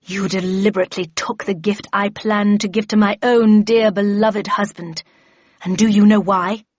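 A woman voicing the Red Queen, an imperious older queen who speaks loudly, coldly and commandingly in an audiobook. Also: mid-range voice, steady tone, moderate pace, no echo, lo-fi sound, lightly acted. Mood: accusing. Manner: loud, cold and commanding.

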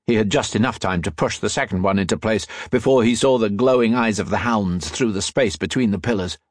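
A man narrating an adventure audiobook in a dramatic, lively reading style with a slightly husky voice. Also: on the low side, a little fast, dry recording, clean studio sound.

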